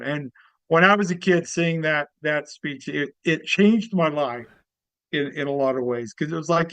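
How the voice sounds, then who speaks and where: A relaxed comedian talking on a podcast in an easygoing, halting way. His voice sits a touch high and smooth. The recording is dry and slightly muffled. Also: no echo. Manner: easygoing, halting, many fillers. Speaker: comedian guest. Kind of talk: casual interview chat.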